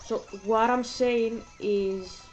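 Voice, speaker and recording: A woman's voice: a little high, steady tone, slow, darkish tone, lo-fi sound, soft background music. A woman streaming a game, chatting casually in a rambling way, repeating herself and breaking off for game moves. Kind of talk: casual livestream chat while gaming.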